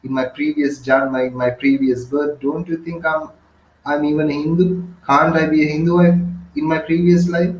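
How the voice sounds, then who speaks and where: A man voicing an excited wife who pleads for praise in a raised, high voice. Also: moderate pace, few pauses. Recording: roomy echo.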